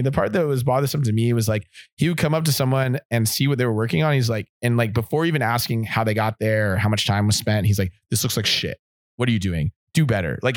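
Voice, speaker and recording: A man's voice: mid-range voice, no echo, clean studio sound. A man telling a long personal story as an interview guest, rambling with many fillers and acting out what people said. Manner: rambling, filler-heavy, acts out quotes.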